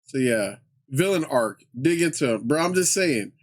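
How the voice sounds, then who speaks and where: Young male streamer, casual slangy banter, easygoing, mid-pitched voice. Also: lively intonation, moderate pace. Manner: laid-back slangy banter, laughs often. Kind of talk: casual chat with stream viewers.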